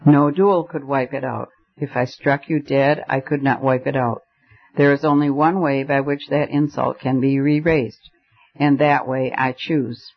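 A man's voice: medium pitch, steady tone, unhurried, vocal fry. A man reading the part of an intense, fiery young male poet who declaims his ideas dramatically, on a slightly muffled recording. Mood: grave.

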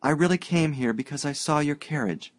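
A man's voice: fairly high pitch, a little fast, no echo, pitched above the performer's own voice, natural voice. A man reading an audiobook, voicing a shy, troubled young woman who speaks in a hesitant, earnest, faltering way.

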